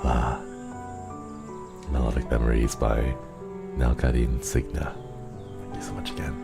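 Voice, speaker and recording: Super deep guy streaming, slow and giggly, soft music playing behind. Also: steady tone, vocal fry. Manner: tender, giggly, easily moved. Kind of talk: casual live-stream chat. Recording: background music under the voice. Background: soft background music.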